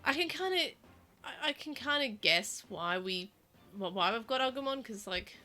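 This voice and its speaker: A woman's voice: mid-range voice, animated, normal speed, bright, forceful tone, faint music behind. A woman with an Australian accent chatting casually while streaming a game, rambling, with many fillers and restarts. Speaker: let's play streamer. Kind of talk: casual gameplay chat.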